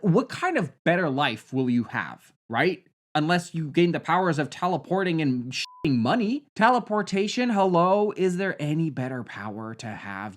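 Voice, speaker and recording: This is sarcastic movie commentary from a young man whose voice sinks into flat, muttered asides before bursting out loud and high.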